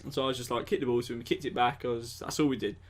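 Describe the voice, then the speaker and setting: A man's voice: medium pitch, rapid-fire, a little hiss or hum. A young man, chatting bluntly and swearing on a casual podcast. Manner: laid-back, sweary, blunt. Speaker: podcast co-host. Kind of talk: casual chat.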